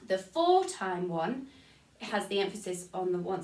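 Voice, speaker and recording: A woman's voice: lowish voice, lively intonation, normal speed, recorded from a distance, noisy background. A woman with an English accent teaching an online music lesson to children, counting beats aloud and singing short rhymes. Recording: echoey room, voice off-mic.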